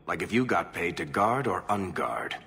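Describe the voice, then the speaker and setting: A man's voice: low-pitched, very animated, normal speed, creaky, pushed and bright, full character voice. An actor playing a wry male dwarf storyteller in a video game, dry and sarcastic. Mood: sardonic. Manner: dry, sardonic.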